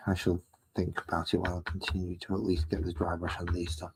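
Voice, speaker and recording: A man with a low, slightly husky voice rambles casually as he works through his painting. He thinks aloud and pokes fun at himself, in an unhurried, chatty way at a home hobby desk. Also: low-quality recording. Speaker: miniature painting hobbyist host.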